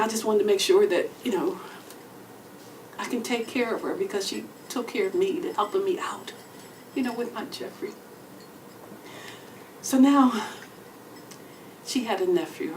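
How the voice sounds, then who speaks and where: A Texan-accented woman comedian performs a storytelling stand-up solo show, telling a long comic story on a club stage with swings from near-whispers to loud outbursts. Her voice is mid-range with a moderate pace and long pauses. She sits a bit back from the mic, so the low-quality recording sounds distant, with faint room ambience and slight background noise.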